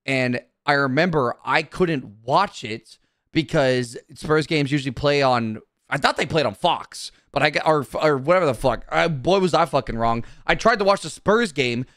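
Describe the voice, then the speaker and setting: Fired-up high-pitched man ranting. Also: animated, moderate pace, a bit bright, dry recording, studio quality. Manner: profane, heated, repetitive ranting. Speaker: streamer. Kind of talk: casual live-stream rant.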